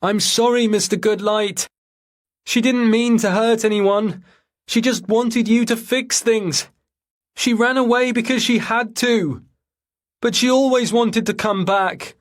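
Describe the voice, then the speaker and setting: A man reading an audiobook, voicing a distraught young man who shouts pleas and apologies from a distance. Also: very high-pitched, steady tone, a little slow, pitched above the performer's own voice. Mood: pleading. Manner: pleading, shouted. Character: distraught young man pleading across a river.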